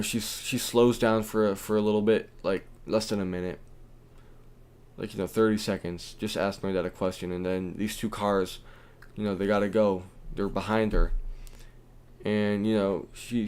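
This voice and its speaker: Rambling young male streamer. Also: lowish voice. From United States. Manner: rambling, animated, colorful slang. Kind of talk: casual storytelling. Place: at home, indoors.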